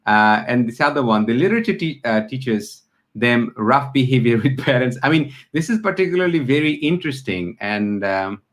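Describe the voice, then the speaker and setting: Outspoken male host. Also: mid-range voice. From Bangladesh. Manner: animated, outspoken, quick asides. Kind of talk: interview hosting.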